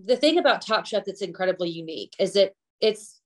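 A woman's voice: mid-range voice, animated, fairly quick. Southern US woman, chef guest, candid casual interview talk. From US Gulf South. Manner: candid, chatty, laughs often.

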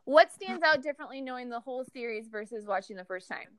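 A woman co-hosting a casual fan podcast, chatty and animated, with lots of fillers and restarts. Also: fairly high pitch, fast talker, clean tone, no room sound, studio quality. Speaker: podcast co-host. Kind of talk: casual fan podcast chat about a TV show.

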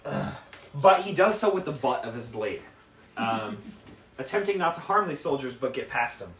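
Man running a tabletop game, animated. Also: mid-range voice, moderate pace, slight background noise. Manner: laid-back, laughing narration with frequent ums. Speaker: dungeon master. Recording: echoey room, mic at a distance, faint music.

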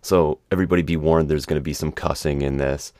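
A man's voice: extremely low pitch, fairly even intonation, fast talker, a little mellow, no room sound, studio quality. A man co-hosting a podcast, chatting casually and telling stories in a sarcastic, profane way. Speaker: podcast co-host.

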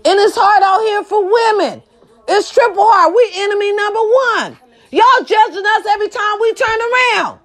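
A woman ranting to camera, blunt and profane, firing rhetorical questions and swinging between shouting and low muttered asides. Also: normal speed. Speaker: social media commentator. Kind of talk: impassioned rant to camera.

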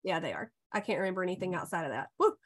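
A woman hosting a casual podcast chat, effusive and quick to laugh. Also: fairly low pitch, sing-song. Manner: warm, effusive, laughs often. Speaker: podcast host and health coach.

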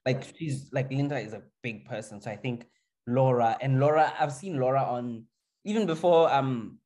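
A woman's voice: rumbling low, normal speed. A woman co-hosting a casual chat, rambling and restarting her thoughts. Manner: rambling, restarts a lot, animated. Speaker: podcast co-host. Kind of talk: casual chat reviewing a reality show.

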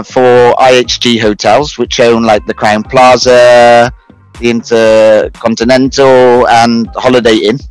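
A man's voice: medium pitch, low-quality recording. Guy, 30s, chatty guest; loose, filler-heavy telling of his own story. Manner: rambling, lots of fillers and restarts, laughs at himself. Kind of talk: casual spoken account.

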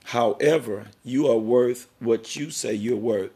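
A man's voice: mid-range voice, measured pace, dark tone. A middle-aged man hosting a podcast interview, talking in an emphatic, preachy, rambling way about worth and family. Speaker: podcast host.

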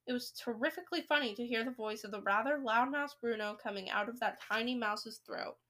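A woman reads a children's novel aloud in a lively, expressive manner. Her voice sits high and sounds bright and crisp, suited to a storybook. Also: fairly quick. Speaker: reader.

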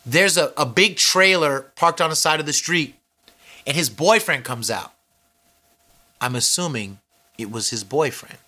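A man telling a comic story, animated and acting out each character's voice. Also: on the high side, measured pace, long pauses. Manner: animated, acts out every character.

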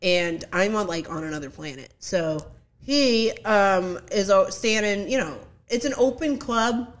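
A young woman telling a story in casual chat, animated and acting out the quotes, laughing often. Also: medium pitch, measured pace. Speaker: podcast guest.

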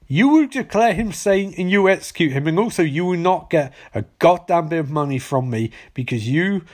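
A man's voice: a little high, normal speed, a little mellow, close to an everyday voice. A man putting on a foul-mouthed male governor who rants and scolds while recapping a TV episode. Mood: ranting. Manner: ranting, scolding.

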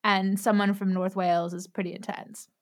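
An American woman co-hosting a podcast, easygoing and quick to laugh, with dry jokes. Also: medium pitch, level tone. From United States. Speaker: podcast co-host. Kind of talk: casual chat.

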